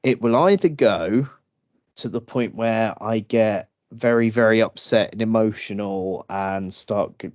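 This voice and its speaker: Slow, low-voiced man chatting. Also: dry recording, lo-fi sound. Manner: slow, laughing storytelling with acted drunk voices. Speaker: podcast co-host. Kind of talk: casual chat.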